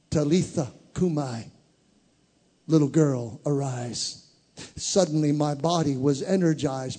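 Elderly grandmother, gentle, soft-spoken, storytelling, put on by a preacher, husky. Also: a little high.

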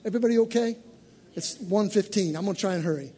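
A man preacher giving an animated, conversational sermon to a congregation in church. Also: sits high, fast.

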